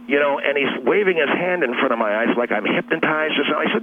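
A man's voice: fairly high pitch, expressive, fast, hardly any pauses, a little hiss or hum. A man calling into a radio show, telling a long, rambling story and getting worked up as he repeats himself. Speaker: caller. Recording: phone line.

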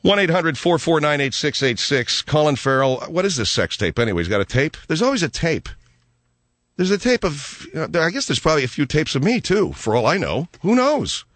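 Man, radio talk host, grumpy, sarcastic, lively rambling delivery, dry close sound. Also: fairly high pitch, a little fast, no room sound. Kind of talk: comedy radio talk show.

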